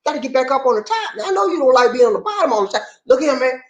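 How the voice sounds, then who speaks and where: A man hosting a casual livestream, playful and animated, greeting viewers by name and laughing often. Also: extremely high pitch, rapid-fire, lo-fi sound. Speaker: livestream host. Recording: echoey room.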